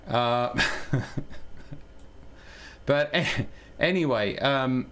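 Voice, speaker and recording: Speaking very slowly in a fairly bright, mid-pitched voice, a man codes during a live stream. His talk is casual and thinking-aloud, laced with jokes at his own expense and mixing English with Italian.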